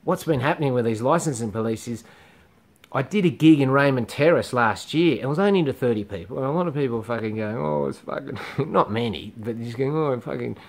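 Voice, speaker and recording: A middle-aged man with an Australian accent vents his grievances in a loose, rambling monologue to camera. His voice sits at an ordinary middle pitch. He swears constantly and sounds blunt and indignant. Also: expressive, fairly quick. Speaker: comedian vlogger.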